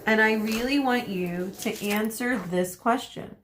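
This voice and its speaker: A woman teacher reading a chapter book aloud to children, expressive and addressing them directly. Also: medium pitch, measured pace, hardly any pauses.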